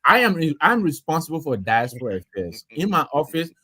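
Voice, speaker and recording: A man's voice: on the high side, very animated, brisk, pushed and bright, husky. A man who speaks as a diaspora affairs official on a radio call-in show, insistent and argumentative.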